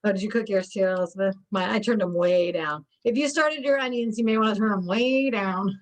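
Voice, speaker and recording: A woman's voice: fairly high pitch, fairly quick, few pauses, far from the mic, rough recording. Bubbly woman teaching a cooking class. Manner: bubbly and encouraging, laughs often. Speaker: recreation therapy cooking instructor. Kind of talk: live online cooking class.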